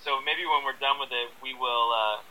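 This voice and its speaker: A man's voice: medium pitch, moderate pace, pushed and bright, poor audio. A man from the United States, a filmmaker, who chats as a guest and laughs easily. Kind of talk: casual interview chat.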